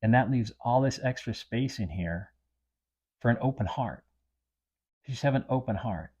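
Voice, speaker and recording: A man's voice: mid-range voice, normal speed, darkish tone, slightly rough. A man hosting a self-help podcast, talking earnestly and repeating his points for emphasis. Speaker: podcast host. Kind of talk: reflective self-help talk.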